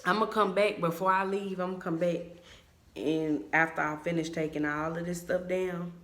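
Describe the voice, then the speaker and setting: A young woman telling a casual storytime vlog at home, chatty and animated as she talks to her viewers. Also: lowish voice, moderate pace. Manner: chatty and animated, voices her friends' lines in quotes. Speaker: vlogger. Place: at home in a room, taking her hair down on camera. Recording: echoey room.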